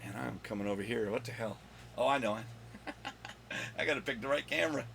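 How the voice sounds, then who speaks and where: A comic collector hosts his own video countdown of comic finds, rambling and joking with his son off camera. His slightly hoarse voice sits in the mid range, a bit bright, at a normal speed. A little hiss or hum is audible.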